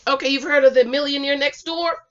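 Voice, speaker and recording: A woman in her thirties hosting her own channel, chatting like a girlfriend as a relationship mentor and often dropping to a soft, calm voice. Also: fairly quick, dull audio. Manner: chatty, sisterly, drops to a soft low voice to demonstrate. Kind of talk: casual chat to camera.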